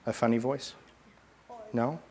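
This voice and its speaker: A man's voice: mid-range voice, steady tone, slow, a little mellow. A man telling a Bible story to children in a playful, chatty way, directing kid volunteers. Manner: playful, chatty, coaxing kids. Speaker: pastor leading a children's message.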